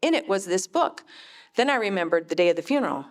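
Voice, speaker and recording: A woman's voice: mid-range voice, expressive. Earnest woman sharing a heartfelt testimony. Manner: earnest, heartfelt, measured delivery. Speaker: mother giving a faith testimony. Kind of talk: personal testimony storytelling.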